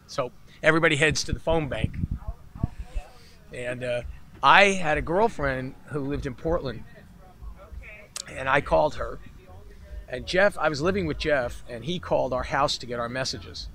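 In a relaxed interview at festival grounds, outdoors or backstage, a keyboard player on a podcast recounts a long story, animatedly voicing the people in it. His mid-range voice moves at normal speed with long pauses.

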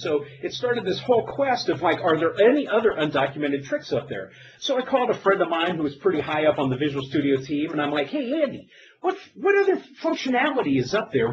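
Animated man telling tech stories. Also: sits high, dull audio, a little hiss or hum. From United States. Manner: animated storytelling, self-deprecating jokes. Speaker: technical presenter. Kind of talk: live demo presentation.

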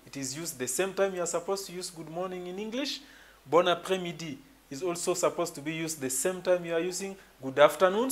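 Slow-paced man teaching a lesson. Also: fairly high pitch, a bit bright. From Kenya. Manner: slow, repetitive explanations with frequent fillers. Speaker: French teacher. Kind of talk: whiteboard language lesson.

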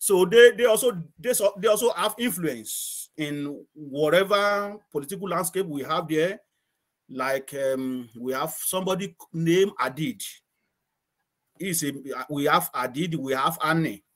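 A man's voice: fairly high pitch, unhurried, fairly bright tone. A middle-aged man from Nigeria, a guest chatting casually in an interview, rambling, repeating words and laughing often.

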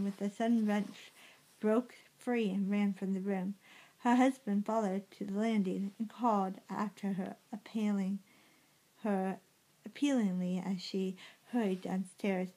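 A woman reading a story aloud in a halting way, often slipping and correcting herself. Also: mid-range voice, dark tone, rough recording. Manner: halting, with frequent slips and self-corrections. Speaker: reader.

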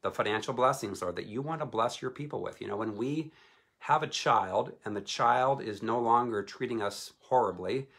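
A man's voice: medium pitch, normal speed, fairly bright tone. A man leading earnest prayer and teaching on a live stream, returning often to thanks and blessing. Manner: earnest, repetitive praying, frequent "you know". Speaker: deliverance minister.

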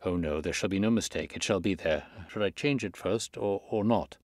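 A man voicing a fierce, bullying elderly horse trainer who blusters and shouts. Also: low voice, moderate pace, no room sound, clean studio sound. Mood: cringing.

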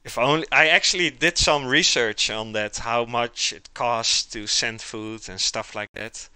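A man's voice: medium pitch, measured pace, sharp tone, smooth, no room sound. A man chatting casually to his live chat while he cooks, rambling as he goes. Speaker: streamer cooking live.

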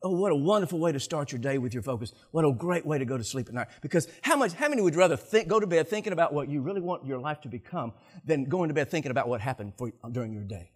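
An older man, a pastor, preaching a sermon to his congregation with animated delivery and audience banter. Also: a little high, fast, few pauses, breathy edge. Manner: animated, laughing, talking to the congregation.

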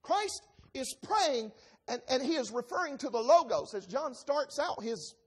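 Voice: sits high, animated, a little slow, breathy edge. A preacher giving an expository sermon, reading scripture aloud and explaining it line by line with emphasis. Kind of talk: expository Bible-teaching sermon.

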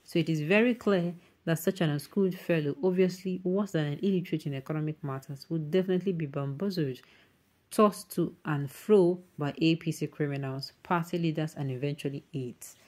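A woman's voice: low-pitched, fairly quick, warm tone. A woman with a Nigerian accent hosting an online news show, reading viewer comments aloud and mixing in emphatic Pidgin asides.

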